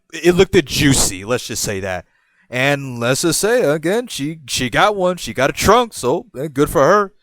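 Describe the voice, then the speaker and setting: A young man spins a rambling personal story on his podcast, his pitch swinging up and down as he goes. His voice sits a little high for a man, and the sound is close and dry with no room around it. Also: no room sound. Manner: animated, laughs often, rambling with restarts. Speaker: podcast host. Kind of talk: casual storytelling.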